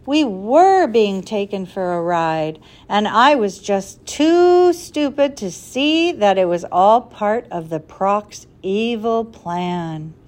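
A woman voicing a kindly, cautious older male professor, speaking in a measured, earnest way. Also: mid-range voice, expressive, a little mellow. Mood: angry.

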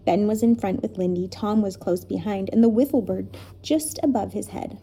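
A woman reading a children's story aloud in an expressive, dramatic way. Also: medium pitch, normal speed, a little hiss or hum.

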